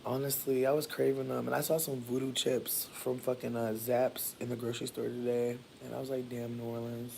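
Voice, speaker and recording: A man from Michigan chatting casually with viewers while doing his hair, playful and profane, with sudden jumps into high squeals. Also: level tone, brisk, vocal fry, few pauses, darkish tone, a little hiss or hum. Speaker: livestreamer.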